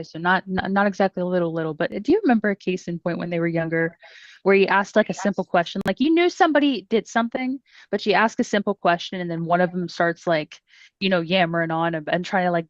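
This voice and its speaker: A woman's voice: fairly low pitch, quick pace, dry recording, muffled recording. A woman in a sales training discussion, talking animatedly and acting out what clients think. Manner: animated, acts out quoted clients. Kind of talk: casual group discussion.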